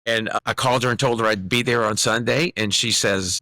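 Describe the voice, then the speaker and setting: A middle-aged man telling an animated personal story as a podcast guest, acting out the voices of the people in it. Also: on the low side, fairly quick, hardly any pauses, no room sound. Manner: animated testimony with quoted dialogue. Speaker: guest singer-songwriter.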